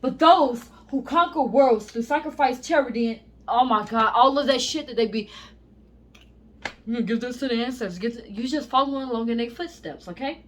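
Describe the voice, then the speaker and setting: A woman's voice: high-pitched, fairly quick, hardly any pauses, a little hiss or hum. A woman reading scripture aloud and breaking off into casual, profane, emphatic commentary. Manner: profane, animated, emphatic, laughs and apologizes.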